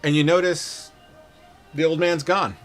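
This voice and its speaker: A man narrating as game master in casual, relaxed talk full of fillers. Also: fairly high pitch, measured pace, faint music behind. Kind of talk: narrating a tabletop game over voice chat.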